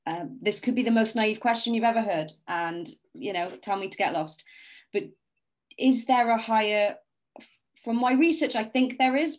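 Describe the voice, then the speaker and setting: A woman hosting a casual interview, asking tentative, hedging questions. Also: medium pitch. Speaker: podcast host.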